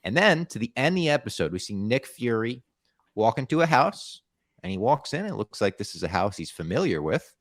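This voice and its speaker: A man's voice: medium pitch, sing-song, fairly quick, no room sound, clean studio sound. A man hosting a podcast in casual chat, making wry, offhand remarks. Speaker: podcast host.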